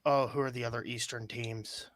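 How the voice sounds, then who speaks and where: A man's voice: mid-range voice, little pitch movement, normal speed, a bit bright, dry recording. A man from Pittsburgh co-hosting a casual podcast, hesitant with many ums as he lists teams. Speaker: podcast co-host.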